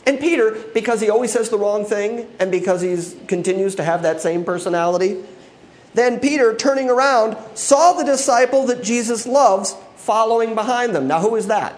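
A man's voice: high-pitched, normal speed. A male pastor preaching an expository sermon, acting out quoted voices and laughing often.

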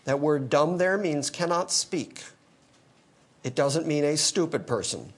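A male pastor preaching an expository sermon, animated and teaching verse by verse, with dry humor. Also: fairly high pitch, measured pace, husky. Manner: animated, quoting scripture in character, dry humor.

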